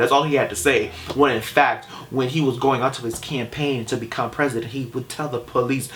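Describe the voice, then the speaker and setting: A man's voice: mid-range voice, fairly even intonation, a little fast, few pauses, fairly bright tone. A man talking straight to camera in a vlog, passionate and exasperated, firing off rhetorical questions. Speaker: vlogger. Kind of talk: opinion vlog rant.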